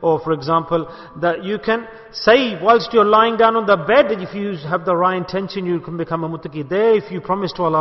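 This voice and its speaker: Rhetorical questions and calls for responses fill the emphatic sermon a sheikh gives to a gathering in a Bolton mosque hall. His high voice runs fairly quick with hardly any pauses, recorded in a dull, lo-fi, echoey hall.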